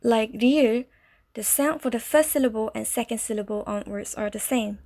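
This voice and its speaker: Woman teacher walking through a lesson slowly, clear and patient, a bit high voice. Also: darkish tone. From Malaysia. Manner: slow, clear, step-by-step explaining. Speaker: language teacher. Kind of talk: scripted lesson narration.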